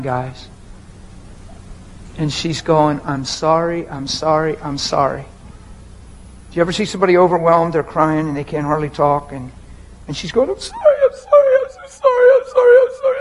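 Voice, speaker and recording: A man's voice: on the high side, slight background noise, rough recording. A man, a pastor, preaching a personal and emotional sermon in a conversational way, often talking straight to the crowd.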